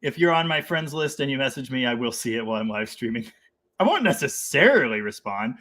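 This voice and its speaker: A man's voice: mid-range voice, sing-song, fairly quick, pushed and bright. A man hosting a casual live stream about cars, reading out viewer comments, laughing often and rambling with enthusiasm. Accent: Canadian.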